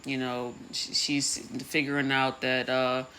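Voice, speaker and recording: A young woman giving a casual, profane recap of a TV episode, rambling and slangy with a deadpan delivery. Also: rumbling low, unhurried, slight background noise.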